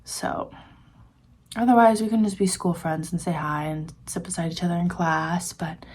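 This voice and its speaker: A woman in her early twenties, a student vlogger, rambling in a chatty, confiding way and often dropping to a soft near-whisper. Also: on the low side, fairly even intonation, normal speed, slight background noise. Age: early 20s. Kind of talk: casual rambling vlog chat.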